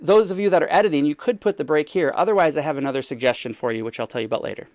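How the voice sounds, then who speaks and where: A man's voice: on the high side, very fast, a little mellow. A man hosting a podcast in casual chat, talking in a rambling, hesitant way with many restarts. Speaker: podcast host.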